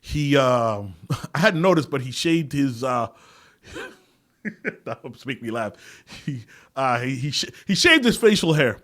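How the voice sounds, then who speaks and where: A man's voice: mid-range voice, big pitch swings, measured pace, long pauses, fairly bright tone. A man hosting his own podcast in casual, profane talk, often breaking into laughter. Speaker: podcast host. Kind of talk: casual solo podcast chat.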